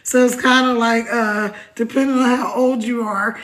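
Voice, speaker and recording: Woman doing a casual live stream, kinda high voice, animated storyteller, says hi to viewers by name. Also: moderate pace, crowd noise. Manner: animated, chatty, laughs while telling stories, greets viewers by name.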